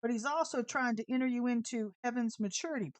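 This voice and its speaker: A woman's voice: fairly high pitch, fast talker, no echo. A woman preaching an informal sermon in a fiery, sassy, emphatic way.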